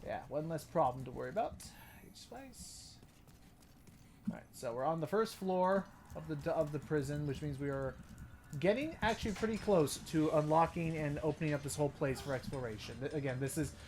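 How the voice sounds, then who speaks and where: A man's voice: fairly high pitch, fast talker, darkish tone, a little hiss or hum. A man casually commentating while playing a video game, chatty and full of restarts. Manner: chatty, narrates his play with restarts. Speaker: game streamer. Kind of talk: let's play commentary.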